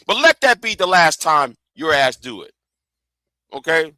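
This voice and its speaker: A man's voice: on the high side, sing-song, unhurried, bright, forceful tone, no echo. A man hosting a livestream, ranting angrily and profanely, often repeating himself and stumbling over words. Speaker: livestream host. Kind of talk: heated livestream rant.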